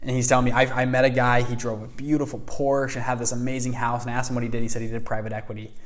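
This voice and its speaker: A young man recounts a personal story with lively energy, slipping into other people's voices as he quotes them. His pitch sits in an ordinary middle range. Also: rapid-fire. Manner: animated, acts out quoted voices. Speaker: fund founder telling his story.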